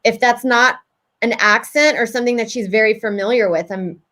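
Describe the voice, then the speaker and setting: A woman in her forties co-hosting a film festival in easygoing chat. She sounds friendly and upbeat, with a voice pitched a bit high. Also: a little fast, sharp tone. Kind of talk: casual chat.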